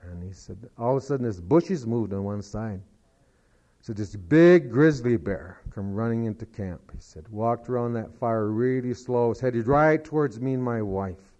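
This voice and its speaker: A man at an ordinary pitch tells a long joke with folksy, rambling patience, stacking up "he said" asides as he goes. The recording is dull and lo-fi. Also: animated, moderate pace, darkish tone. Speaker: storyteller.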